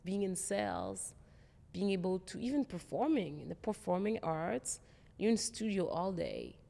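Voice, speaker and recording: Woman guest, gravelly, mellow tone, reverberant room; earnest career storyteller. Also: mid-range voice, wildly swooping pitch, normal speed. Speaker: guest, tech executive. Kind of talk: interview conversation.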